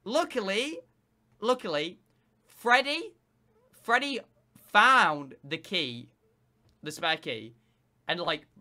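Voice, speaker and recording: In a high-sitting voice, a seventeen-year-old boy streaming tells his chat an excited, wandering story loaded with swear words and fillers.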